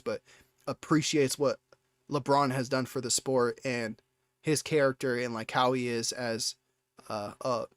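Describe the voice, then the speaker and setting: Excitable young man telling a rambling story. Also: medium pitch, no echo, studio quality. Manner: rambling and excitable, with many restarts and casual swearing. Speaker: live streamer. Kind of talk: casual storytelling.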